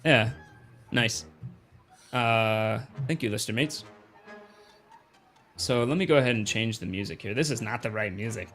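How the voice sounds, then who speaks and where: A man's voice: on the low side, measured pace, long pauses, fairly bright tone, soft background music. A man running a tabletop game as game master, laid-back and chuckling, with hesitant fillers.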